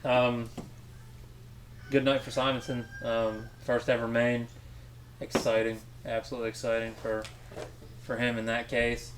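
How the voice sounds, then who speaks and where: A man co-hosting a podcast in casual chat, rambling with restarts and trailing off softly. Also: medium pitch, completely flat delivery, unhurried, pauses often, a little hiss or hum. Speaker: podcast co-host.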